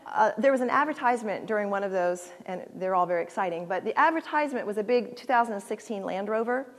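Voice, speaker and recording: A woman in her sixties, speaking as a guest at a church, gives an earnest, heartfelt personal talk with halting restarts and closes in prayer. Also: mid-range voice, animated. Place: church sanctuary. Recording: long reverb of a large church hall.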